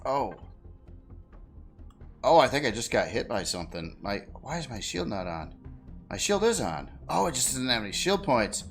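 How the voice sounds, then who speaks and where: A man's voice: medium pitch, very animated, normal speed, gravelly, long pauses, soft background music. A man chatting casually while playing a game, easygoing and laughing often. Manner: easygoing, laughs often, flares up when frustrated. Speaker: game streamer. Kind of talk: casual gameplay chat.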